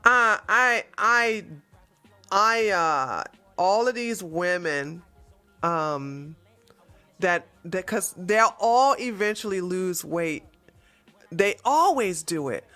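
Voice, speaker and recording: Bright-voiced blunt woman host. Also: lowish voice, slow pace, soft background music. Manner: blunt and animated, with frequent restarts. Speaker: livestream host. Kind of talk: casual opinionated chat.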